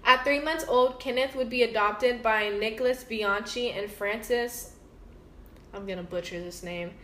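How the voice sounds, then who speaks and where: A woman's voice: on the high side, a little slow, bright, forceful tone, roomy sound, a little hiss or hum. A woman co-hosting a casual true-crime podcast, laughing, swearing and a bit tipsy as she tells the story. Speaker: podcast co-host.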